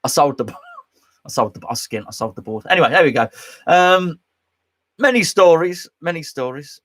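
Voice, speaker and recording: A man's voice: mid-range voice, expressive, moderate pace, a bit bright, husky. A man hosting a casual live stream from his home man cave, rambling and joking as he reads out chat comments. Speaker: host.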